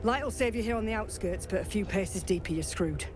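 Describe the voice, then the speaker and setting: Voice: medium pitch, fairly quick, faint music behind, natural voice. An actor voicing a curt grim game scout. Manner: curt, matter-of-fact warnings. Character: grim scout guiding travelers through a cursed land. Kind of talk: video game voice acting.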